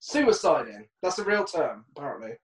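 A woman's voice: low-pitched, sing-song, brisk. Woman podcast co-host, sarcastic plot recap, recorded off-mic in a roomy space. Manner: laughing, sarcastic retelling of film scenes. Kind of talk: casual film recap chat. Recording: echoey room, distant from mic.

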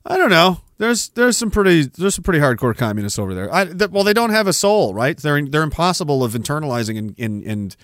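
A weary man hosting a livestream, rambling and trolling as he reads out chat comments. His voice sits fairly high for a man. The sound is dry and close, with no room echo. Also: very animated, fairly quick, few pauses, a bit bright. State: tired. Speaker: podcast host. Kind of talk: casual livestream chat, reading viewer comments.

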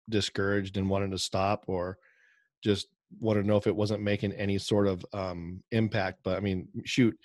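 Man, low voice, dry close sound, rambling casual co-host on a call. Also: darkish tone, no echo. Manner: rambling, with many ums and restarts. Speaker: podcast co-host. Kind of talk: casual podcast chat over video call. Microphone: video call.

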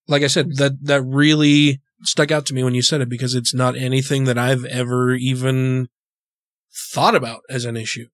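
A man telling stories on a casual podcast in a profane, animated way. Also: medium pitch, moderate pace, no room sound, studio quality.

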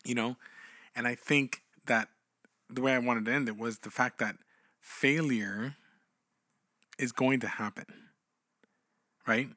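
A man's voice: medium pitch, fairly even intonation, slow, pauses often, bright, forceful tone, no room sound. A man co-hosting a casual podcast chat, telling a story in a loose, rambling way. He stops and restarts his sentences often. His voice sits mid-range and sounds dry and close. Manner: rambling, many restarts and "you know"s. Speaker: podcast co-host.

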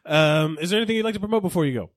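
Upbeat, laugh-prone male podcast host with a slightly high voice. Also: lively intonation, very fast, dry recording, clean studio sound. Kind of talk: casual podcast chat.

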